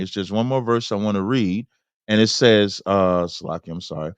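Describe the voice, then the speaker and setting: A man hosting a debate who reads scripture aloud in a preacherly way, slowing down for the verses. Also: lowish voice, clean tone, no room sound. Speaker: host.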